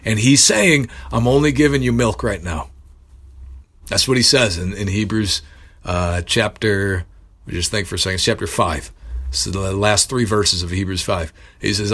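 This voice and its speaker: A man preaching a sermon, earnest and building to emphatic bursts, pausing to correct himself. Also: fairly low pitch, a bit bright, husky.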